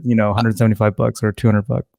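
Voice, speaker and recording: A man's voice: lowish voice, little pitch movement, fast talker, gravelly, a little mellow, no echo, studio quality. A man who laughs easily, a guest in a casual podcast chat.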